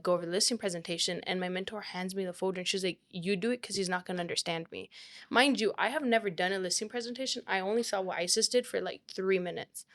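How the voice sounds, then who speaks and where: A young woman, a real estate agent, telling a story in casual chat, full of "like" and quoted speech. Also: mid-range voice. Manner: animated, quotes people often with "like".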